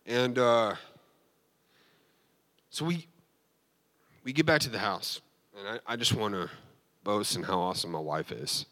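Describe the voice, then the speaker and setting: A man's voice: fairly low pitch, a little slow, long pauses, fairly bright tone. A man giving a sermon as a pastor, telling an emotional personal testimony with frequent restarts and fillers.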